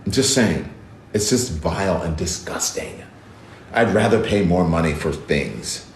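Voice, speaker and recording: A man's voice: low voice, expressive, measured pace, slight background noise. A man giving casual, emphatic commentary as host of his own show, indignant and repeating words for stress. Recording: roomy echo.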